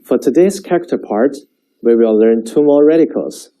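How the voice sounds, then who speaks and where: A man teaching a Chinese language lesson, speaking slowly and clearly so learners can repeat after him. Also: medium pitch, animated, dark tone, poor audio. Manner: slow, clear modeling of sentences for repetition.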